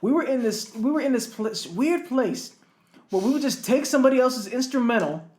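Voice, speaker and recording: High-voiced man chatting in an echoey room. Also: expressive, a little fast, a little mellow. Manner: rambling storyteller, restarts and chuckles. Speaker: podcast co-host. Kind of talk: casual chat.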